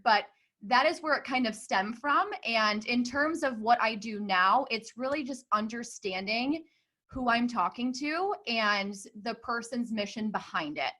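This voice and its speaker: Woman marketing coach as guest, crisp, forward tone, warm and eager. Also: on the high side, expressive, measured pace. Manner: eager, laughs easily, reflective. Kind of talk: casual podcast interview.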